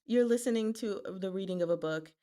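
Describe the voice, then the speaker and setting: A woman's voice: medium pitch, brisk, warm tone. A woman hosting a live read-aloud of a novel, narrating steadily and chatting in a giggly way with her listeners. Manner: giggly, chatty between readings. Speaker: narrator and live-stream host.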